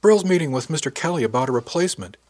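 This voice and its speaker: A man putting on a fiery young engine-crew woman in an audiobook, lifted high above his own voice and delivered loud and pushy, with a husky edge to it. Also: lively intonation. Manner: blunt, quick to swear.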